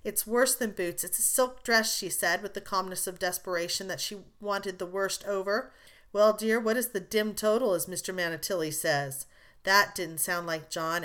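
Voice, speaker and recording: Woman reading an old novel aloud, measured, expressive, audiobook vibe. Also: medium pitch. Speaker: audiobook narrator. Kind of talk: scripted narration of a classic novel.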